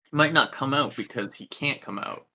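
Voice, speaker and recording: A man playing in a tabletop game, talking in a bright, forceful voice at middle pitch as he sorts out what his character does. He is chatty and quick to react. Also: gravelly. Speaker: player.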